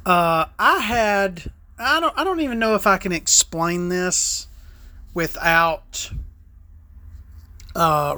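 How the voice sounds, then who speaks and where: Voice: medium pitch, sharp tone, no room sound. A podcast host in a casual solo chat who rambles, swears freely and tells stories with tongue-in-cheek asides.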